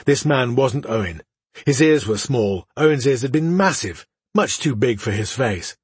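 A man reads a dark fantasy tale aloud in a measured, dramatic way, often sinking into hushed tones. His voice is strongly husky and mid-pitched, and the recording is dry and close. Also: lively intonation, no room sound. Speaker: narrator. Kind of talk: audiobook narration of a fantasy story.

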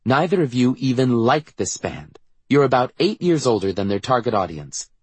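A man voicing a skeptical, sharp-tongued teenage sibling who needles their mother. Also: mid-range voice, very animated, normal speed, slightly rough, no echo, voice pushed up. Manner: dry and skeptical.

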